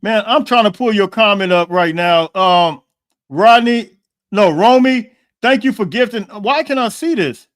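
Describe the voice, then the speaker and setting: A man with a high-pitched voice hosts a live stream in loose, casual chat. He stumbles and restarts phrases often, breaking them up with throat clearing and the odd cough. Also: unhurried, fairly bright tone. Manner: restarts and repeats words, reads out viewer comments. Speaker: podcast host.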